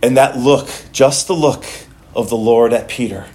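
A man's voice: mid-range voice, moderate pace, a little mellow. A male pastor preaching a sermon in a conversational way, often restarting and repeating words as he goes.

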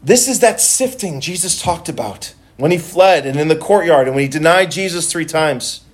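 Pastor, man, high voice, talks loosely with restarts, sermon delivery. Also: expressive, moderate pace. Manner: conversational preaching with frequent restarts and repeated words.

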